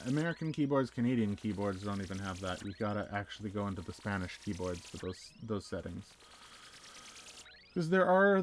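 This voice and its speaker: A man with an ordinary mid-range voice talks loosely to his viewers while he plays, wandering from one topic to the next and answering their messages as they come in. Soft music plays faintly behind him. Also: mid-range voice. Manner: rambling, chatty, answers chat messages aloud. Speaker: live streamer. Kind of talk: casual chat while gaming.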